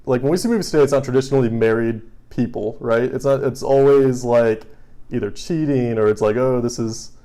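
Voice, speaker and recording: Chill guy w a mellow voice joking around about movies. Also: medium pitch, fairly quick. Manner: laid-back, joking, filler-heavy. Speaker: podcast co-host. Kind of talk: casual movie chat.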